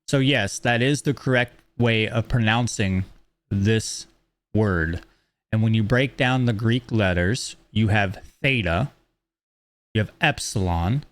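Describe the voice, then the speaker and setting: A man lecturing in a measured, explanatory way, reading out principles and then commenting on them. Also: fairly low pitch. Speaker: teacher. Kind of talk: lecture on esoteric teachings.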